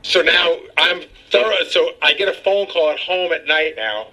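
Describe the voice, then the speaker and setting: Bright-voiced indignant man on radio. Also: fairly high pitch, normal speed, poor audio. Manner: indignant, animated retelling. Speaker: radio show producer. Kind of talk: radio talk show banter.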